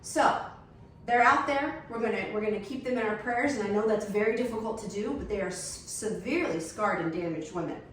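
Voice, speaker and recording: A middle-aged woman, telling a blunt, animated story while setting a table. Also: medium pitch, brisk, recorded from a distance, a little hiss or hum. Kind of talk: casual storytelling chat. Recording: echoey room, voice from off the mic.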